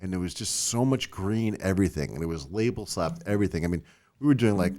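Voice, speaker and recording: Man, Long Island accent, lowish voice, rambling casual talk, podcast guest. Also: expressive, fast, warm tone. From Long Island, New York. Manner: chatty, rambling, many restarts and fillers. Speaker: toy designer, guest.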